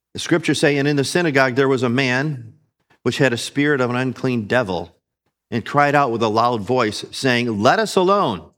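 A male preacher works through a scripture passage line by line. He reads the verses aloud, then explains them in a slow, deliberate teaching voice at an ordinary middle pitch. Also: fairly bright tone. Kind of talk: expository sermon.

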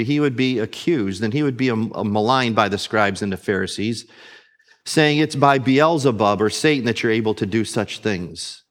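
A male preacher works through a scripture passage line by line. He reads the verses aloud, then explains them in a slow, deliberate teaching voice at an ordinary middle pitch. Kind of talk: expository sermon.

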